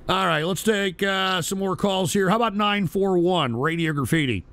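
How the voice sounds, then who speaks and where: A man's voice: high-pitched, normal speed, fairly bright tone. A middle-aged man hosting a call-in radio show, ranting crudely and abrasively at callers.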